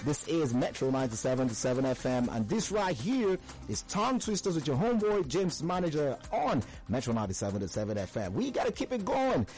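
A young man hosts a radio call-in game, hyped, playful and quick to laugh. His fairly high voice swoops up and down constantly. A soft music bed sits under him. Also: sing-song. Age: young adult. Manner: hype, playful, laughs often. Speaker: radio host. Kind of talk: energetic radio show hosting.

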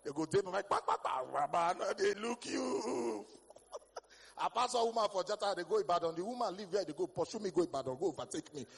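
A Nigerian man with a Nigerian accent doing a stand-up comedy set, telling stories in Pidgin-flavored English with sudden bursts of shouting. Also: high voice, fairly quick, vocal fry, husky, in a large hall.

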